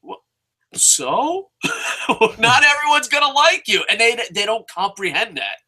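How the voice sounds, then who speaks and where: A man's voice: very high voice, very animated, measured pace, sharp tone. A man co-hosting a casual chat show, ranting with heavy profanity. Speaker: podcast co-host.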